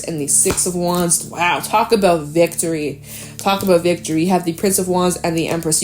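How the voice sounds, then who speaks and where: A woman's voice: on the low side, darkish tone. A woman giving a casual, chatty tarot reading in an encouraging tone. She sometimes swears and acts out anxious inner voices. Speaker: tarot reader.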